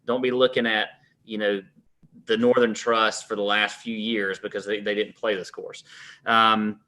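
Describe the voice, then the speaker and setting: Bright-voiced man giving a brisk rundown. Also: lowish voice, flat delivery. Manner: runs through course facts in a brisk rundown. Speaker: podcast co-host. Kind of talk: casual fantasy golf preview chat.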